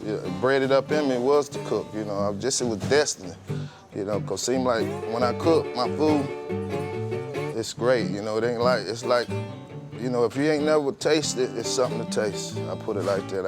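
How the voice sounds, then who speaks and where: A man, a barbecue cook talking about his family in a plain, folksy documentary interview. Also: medium pitch. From Alabama. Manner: plainspoken, folksy, lots of "you know".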